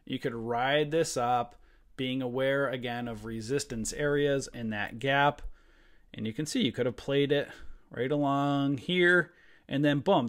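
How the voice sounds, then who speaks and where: A man's voice: mid-range voice, fairly bright tone. A man hosting a live trading lesson over a screen share, blunt and fired up, talking casually with mild swearing at a desk mic. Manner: fired-up, ranting, emphatic. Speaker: trading room host.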